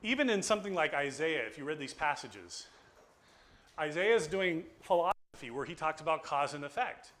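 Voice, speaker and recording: A man lecturing a small group on philosophy in a casual, animated way, acting out conversations as he tells stories. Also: a little high, moderate pace. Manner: animated storytelling, acts out dialogue. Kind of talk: informal classroom lecture. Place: small group gathering indoors.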